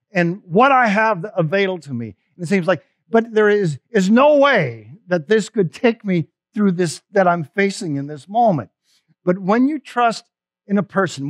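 A man's voice: high-pitched, no echo, studio quality. A male pastor preaching an Easter sermon in a conversational storytelling way. He is emphatic and often restarts his phrases.

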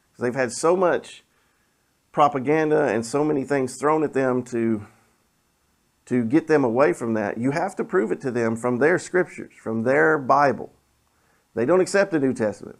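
A middle-aged man preaches in a loose, storytelling way, his voice carrying a gravelly edge. He sits at an ordinary middle pitch and often sinks to a hushed, quiet tone as he speaks. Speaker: pastor. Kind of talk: sermon with personal story.

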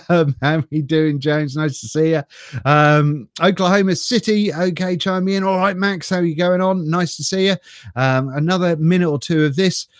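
A man's voice: on the high side, fairly even intonation, unhurried, clean tone, dry recording, studio quality. Chatty English man on a live stream. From England. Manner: chatty, laughs often, greets viewers by name. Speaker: vlogger reading live chat. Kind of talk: casual live-stream chat. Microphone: desk mic through a mixer.

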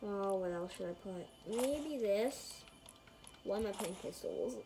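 A woman's voice: medium pitch, expressive, unhurried, music in the background, rough recording. A woman giving casual gameplay commentary, rambling to her viewers with lots of fillers and murmuring to herself as she builds. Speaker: gaming channel host.

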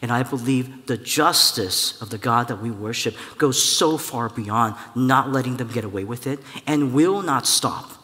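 A man preaching a sermon as a church elder, telling a personal story in a lively way and acting out the voices of the people in it. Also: medium pitch, a little slow, hardly any pauses. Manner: animated storytelling, acts out voices, laughs at own story. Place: church hall. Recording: church hall with long reverb.

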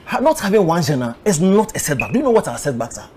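A man's voice: fairly high pitch, sing-song, fast, a little mellow, slight background noise. A Ghanaian man in a heated argument, lecturing and listing his points. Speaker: music critic.

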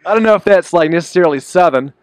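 A man's voice: high-pitched, expressive, very fast, clear, resonant tone, no echo. A young man from New Zealand with a New Zealand accent, a band musician chatting casually and easily as an interview guest.

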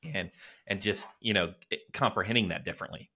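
A man hosting a podcast interview, asking questions in a halting way with many restarts. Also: sits low, bright, forceful tone, slightly rough. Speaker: podcast host.

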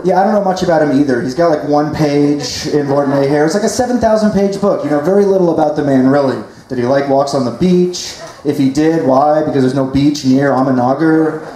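A young man performs a stand-up comedy set, chatty and self-deprecating as he works the room. His voice sits a little high. The sound is echoey, with a live crowd audible in the hall. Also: fairly quick, hardly any pauses, background noise.

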